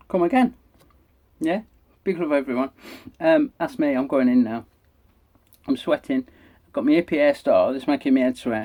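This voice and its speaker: A man's voice: mid-range voice, warm tone. Chatty, foul-mouthed British man. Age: middle-aged. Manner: chatty, enthusiastic, swears freely. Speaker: vape reviewer. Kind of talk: casual product review vlog.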